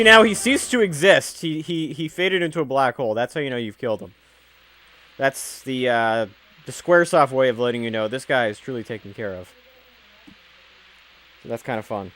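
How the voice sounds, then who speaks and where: A man in the middle of casual video game commentary, chatty and joking as he plays, with his voice sitting at an everyday middle pitch. Now and then he bursts out loud and excited. Faint game music runs underneath him. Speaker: let's play commentator.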